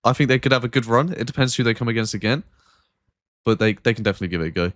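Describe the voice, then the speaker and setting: A man's voice: medium pitch, racing, a bit bright, no room sound, clean studio sound. A man hosting a football podcast, talking casually and rambling with frequent fillers. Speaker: podcast host. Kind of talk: casual chat.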